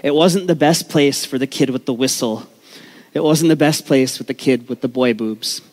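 A man's voice: medium pitch, normal speed, darkish tone. A man from Vancouver, telling his life story on stage as a comedic talk, candid and profane with joking asides to the crowd. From Canada, Vancouver.

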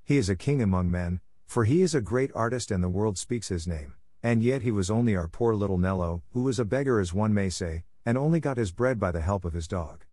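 Admiring villagers whisper to each other, read by a male narrator. The voice stays low and dry. This is a storybook reading. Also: animated, a little fast, few pauses, mellow, no echo. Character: gossiping village folk, admiring.

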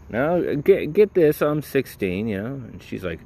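A man's voice: low voice, expressive, normal speed, creaky, few pauses, a little mellow. A man casually telling a personal story to his listeners, rambling with lots of fillers and wry, profane asides.

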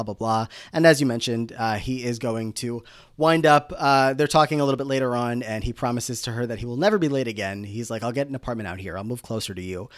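A man's voice: mid-range voice, no room sound. A man co-hosts a podcast and recaps the plot casually, full of fillers and restarts. His voice sits mid-range, and the recording is dry and close. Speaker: podcast co-host.

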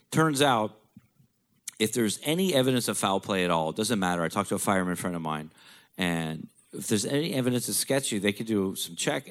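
A man telling a candid personal story in a blunt, profane, conversational way. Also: lowish voice.

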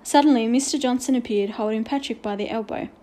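Storybook narrator, woman, mellow tone, slightly high voice. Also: fast talker.

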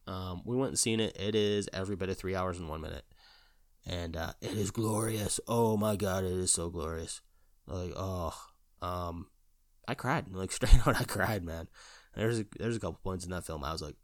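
Excitable deep-voiced man, rambling. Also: normal speed, dry recording, clean studio sound. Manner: rambling and excitable, heavy fillers and swearing; gushing with enthusiasm. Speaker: vlogger. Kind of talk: casual chat.

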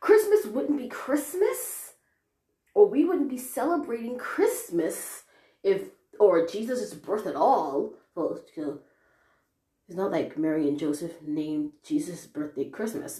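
A young woman hosting her own podcast, giving a rambling, chatty, animated solo update. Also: medium pitch. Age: young adult. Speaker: podcast host. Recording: roomy echoey room.

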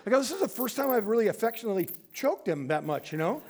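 Talking fast with big swings in pitch, this male pastor preaches in a storytelling style. He performs the quoted voices and drops quiet and low to stress key points.

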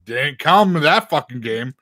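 Heated swearing man, lively bright voice. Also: fairly high pitch, moderate pace. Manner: profane, heated. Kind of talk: casual chat.

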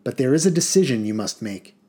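A man voicing a grave, solemn male warrior who speaks in measured sentences in an audiobook reading. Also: mid-range voice, lively intonation, warm tone, lightly acted.

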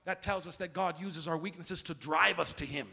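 A man preaching a sermon as pastor, leading the congregation in call-and-response and swinging between shouting and quiet talk. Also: on the high side, normal speed, gravelly, slightly rough. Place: church sanctuary. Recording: long reverb of a big hall.

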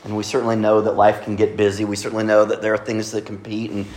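A male pastor giving a conversational sermon, asking his congregation questions and pausing over his words. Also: lowish voice, completely flat delivery, darkish tone, reverberant, rough recording. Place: church sanctuary.

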